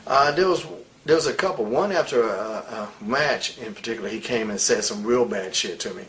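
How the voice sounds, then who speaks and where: A man's voice: on the low side, normal speed, a bit bright, a little hiss or hum, low-quality recording. Blunt, profane man telling heated stories. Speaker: interviewee, wrestler. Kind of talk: candid shoot interview.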